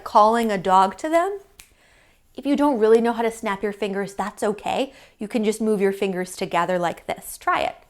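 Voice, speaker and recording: A young woman teaching yoga to young children in a sing-song, encouraging way. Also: mid-range voice. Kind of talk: leading a kids' yoga class.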